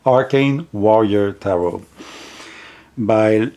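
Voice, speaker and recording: Slow-talking man with a French accent. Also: on the low side, warm tone. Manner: unhurried, rambling, with restarts and self-corrections. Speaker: tarot deck reviewer. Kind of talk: casual video chat.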